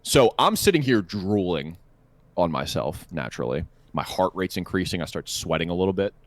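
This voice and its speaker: A young man tells a crude, profane story on a podcast, rambling and stammering as he goes. His pitch sits low, but his delivery swings up and down a lot. The sound is close and dry. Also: sing-song, normal speed, no room sound. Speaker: podcast co-host. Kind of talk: casual storytelling chat.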